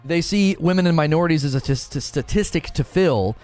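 A man giving heated live-stream commentary, indignant and sarcastic, often mocking others in hushed put-on voices. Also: fairly high pitch, a little fast, faint music behind. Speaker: streamer commenting on industry news.

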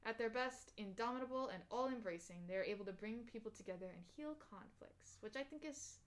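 Personality test results are read aloud by a young female podcast co-host, who talks a little fast in a higher-than-average voice. Her casual delivery includes fillers, restarts, and frequent easy laughs.

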